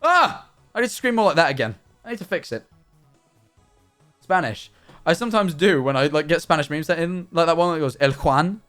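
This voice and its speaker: Chatty man with a lively voice. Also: a little high, fairly quick, faint music behind. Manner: rambling, chatty, many restarts and fillers. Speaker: live streamer. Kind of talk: casual chat while playing a game.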